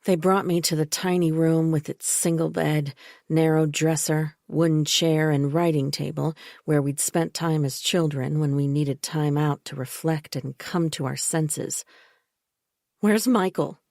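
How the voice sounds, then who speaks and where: A woman reading a psychological thriller audiobook in first person, measured and unhurried. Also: deep voice, level tone, vocal fry, darkish tone, dry recording, studio quality. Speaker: audiobook narrator.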